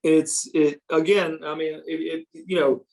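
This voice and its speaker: A middle-aged man, an interview guest, telling stories in a casual, animated way, repeating words and acting out quotes. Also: a little high, measured pace. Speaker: interview guest, former pro wrestler. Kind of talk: casual storytelling.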